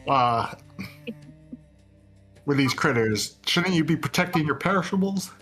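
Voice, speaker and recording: A man's voice: fairly high pitch, unhurried, faint music behind. A man putting on a chummy adventurer. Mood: eager. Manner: chummy, excitable, keeps saying mate. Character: boisterous Australian wildlife-loving adventurer man. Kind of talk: in-character tabletop role-play.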